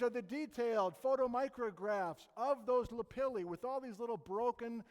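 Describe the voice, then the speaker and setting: A man's voice: very high voice, moderate pace, few pauses. Enthusiastic geologist man in an echoey hall. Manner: enthusiastic, chatty storytelling with self-deprecating asides. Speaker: geologist lecturer. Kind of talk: informal geology talk.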